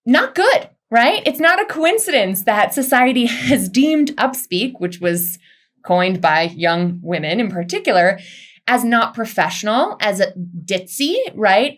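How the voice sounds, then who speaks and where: A woman giving a lively career webinar talk, chatty and quick to laugh, with casual slang mixed in. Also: medium pitch. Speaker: career coach presenter. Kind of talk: webinar presentation.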